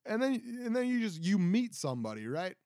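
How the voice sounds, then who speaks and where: A man's voice: high-pitched, sing-song, a little fast, mellow, no room sound, clean studio sound. A man in his twenties hosting a casual solo podcast, rambling and self-deprecating with many restarts. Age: 20s. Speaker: podcast host. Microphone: close podcast mic.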